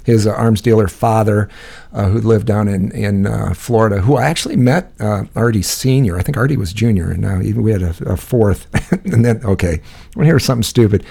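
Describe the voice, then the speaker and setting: Gravelly dark-voiced guy rambling thru a story, swears a lot, laughs. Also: on the low side, a little fast. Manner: rambling, profane, laughs often. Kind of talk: casual storytelling chat.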